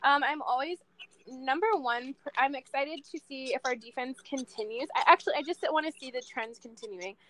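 A woman in her late twenties chatting about football on a casual podcast. Her voice sits a little high, and she is loose, candid and quick to swear. The talk is unscripted and frank. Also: no room sound. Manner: candid, swears freely, animated sports fan talk.

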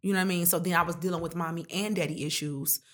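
Candid, emotional woman, slightly low voice. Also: steady tone, rapid-fire, fairly bright tone. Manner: emotional, candid, talkative, slangy. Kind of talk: candid heart-to-heart conversation.

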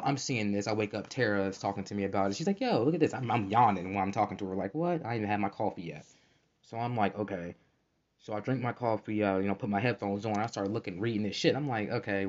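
A man's voice: fairly low pitch, dull audio. A man hosting a casual solo podcast, talking in a fired-up, profane, streetwise way with lots of fillers, recorded at home at night. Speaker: podcast host. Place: bedroom at night, roommate asleep.

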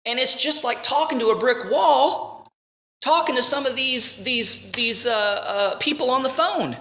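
Bright-voiced woman teaching scripture. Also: sits high, measured pace, roomy sound. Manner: earnest, conversational, pleading at times. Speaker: Bible teacher. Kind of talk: informal Bible teaching.

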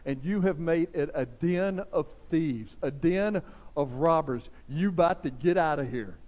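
Indignant grown man rebuking a crowd, pitched fairly high for a man, with a long hall echo, as a preacher puts him on. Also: measured pace, a little mellow, natural voice. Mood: scolding.

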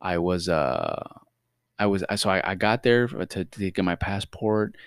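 A young man co-hosting a casual podcast, telling stories in an animated way, swearing freely and acting out what people said. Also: deep voice, normal speed, vocal fry, smooth, dry recording, clean studio sound. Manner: animated, swears a lot, acts out quotes. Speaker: podcast co-host. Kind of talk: casual storytelling chat.

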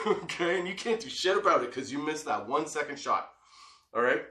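A man's voice: on the high side, animated, moderate pace, bright, forceful tone, slight background noise. A middle-aged man and father telling a story in a casual vlog, rambling, swearing freely and laughing as he goes. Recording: echoey room.

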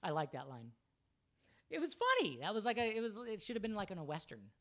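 A man's voice: high voice, huge pitch swings, fast talker, fairly bright tone. Frank questioning man in casual chat. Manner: frank, questioning, swears freely.

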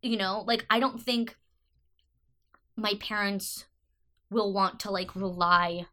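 A young woman co-hosting a podcast, talking casually in a thoughtful, halting way full of fillers. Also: medium pitch, fairly even intonation, pushed and bright. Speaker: podcast co-host. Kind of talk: casual chat.

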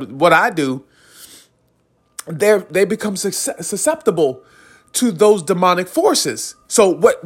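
A man hosting a podcast, giving a rambling, earnest spiritual monologue and chuckling between phrases. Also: high voice. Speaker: podcast host.

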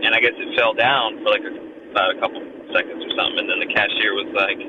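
A man's voice: fairly low pitch, big pitch swings, racing. A man telling a rambling, profane story full of fillers, recorded casually. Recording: dull lo-fi recording with noise.

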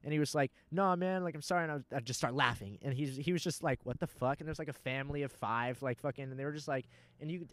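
A young man in casual chat, telling a rambling, profane story and laughing often. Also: a little high.

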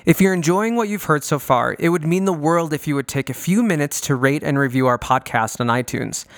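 A man's voice: fairly high pitch, brisk. A man co-hosting a podcast, reading a welcoming scripted intro and introducing a guest. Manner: warm, welcoming, inviting. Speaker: podcast co-host.

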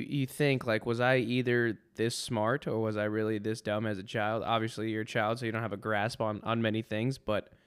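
A man's voice: on the low side, clear, resonant tone. A man hosting a podcast, telling a rambling, sarcastic story in a casual monologue full of restarts. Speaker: podcast host.

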